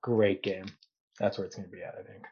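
A man who is a podcast guest, talking sports in a relaxed, joking way. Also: low-pitched, a little fast, muffled recording. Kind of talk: casual sports chat.

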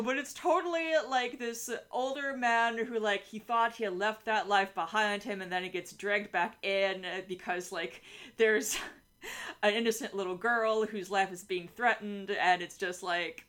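A woman's voice: medium pitch, fairly even intonation, measured pace, a bit bright. A woman co-hosting a podcast in casual chat, talking animatedly with frequent laughs and filler words. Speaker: podcast co-host.

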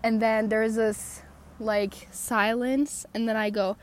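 A woman's voice: a little high, flat delivery, slow. A woman hosting a personal podcast while walking outdoors, talking into a phone in a chatty, self-mocking, sarcastic ramble full of "like". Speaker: podcast host.

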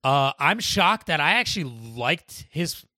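A man co-hosting a casual podcast chat, animated and quick to argue, swearing freely. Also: on the high side, no room sound, clean studio sound. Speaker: podcast co-host.

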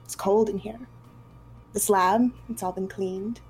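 A relaxed woman narrates a tabletop role-play as game master, laughing easily. Her voice sits in a middle pitch, with faint music playing underneath. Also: a little slow, rough recording.

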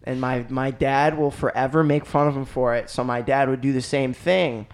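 A man's voice: mid-range voice, normal speed. A young man co-hosting a podcast, telling casual stories and acting out relatives' voices. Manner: animated storytelling, acts out family members' voices. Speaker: podcast co-host. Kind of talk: casual chat.

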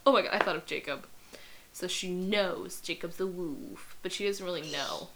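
A woman's voice: fairly low pitch, normal speed, gravelly, background noise. A young woman co-hosting a podcast, recapping a story in casual chat with blunt asides. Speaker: podcast co-host.

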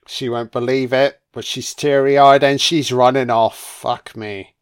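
A man's voice: medium pitch, little pitch movement, measured pace, clean tone. A man giving profane, sardonic film commentary, full of swearing and mocking asides on a close microphone.

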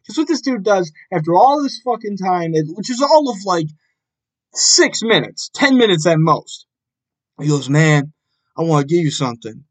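A young man hosting a casual solo podcast, ranting with a lot of profanity and an exasperated tone, and jumping up into shouts. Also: high-pitched, very animated, normal speed, rough recording. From Buffalo, New York area. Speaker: podcast host.

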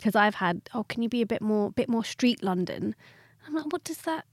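A young woman hosts a casual podcast chat and tells animated audition stories, acting out the voices of the people she quotes. Her voice sits at a middle pitch. The recording is close and dry. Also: moderate pace, no room sound. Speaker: podcast host, actor.

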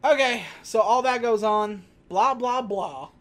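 A podcast co-host in a loose, casual chat, recapping a film scene by scene. The voice sits at a middle pitch, and the host keeps dropping into brief put-on voices for the characters. The delivery is chatty and unscripted. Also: measured pace, a bit bright.

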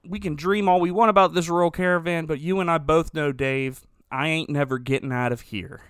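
A man's voice: fairly high pitch, fairly even intonation, fairly quick, a bit bright, clean tone, no echo, studio quality, natural voice. A man voicing a restless young male donkey who dreams of escape, in a whiny, daydreaming tone.

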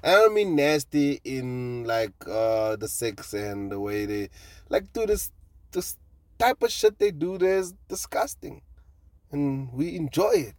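A man's voice: mid-range voice, very animated, measured pace, dry recording. A man hosting his own podcast, rambling casually, laughing and swearing freely as he talks. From South Africa. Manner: loose and laughing, swears freely, lots of fillers. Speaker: podcast host and stand-up comedian.

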